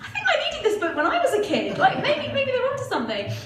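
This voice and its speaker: A woman in her twenties tells stand-up stories in a high, bouncing voice with wide pitch swings, self-mocking and chatty. She sounds a little distant from the mic in an echoey club. The crowd's noise fills the room behind her. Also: wildly swooping pitch, quick pace. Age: 20s. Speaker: stand-up comedian. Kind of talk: stand-up comedy set. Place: comedy club stage. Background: audience laughter.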